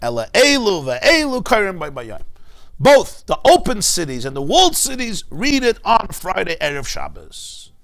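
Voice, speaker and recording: A rabbi leads a Talmud lesson in a synagogue, his fairly high voice climbing sharply on emphatic points and dropping for quiet asides. He explains step by step, turning to his listeners with rhetorical questions. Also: moderate pace. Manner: animated, rising to emphatic peaks, rhetorical asides. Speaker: rabbi teaching Talmud class. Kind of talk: Talmud lecture to a congregation. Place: synagogue class.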